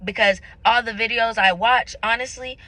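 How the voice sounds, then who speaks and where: A young woman vlogs about her faith, speaking candidly and earnestly to her viewers as if searching for answers, like a confession to camera. Her voice is a little high, pushed and bright, with a steady tone and moderate pace. There's no echo, but the recording quality is low.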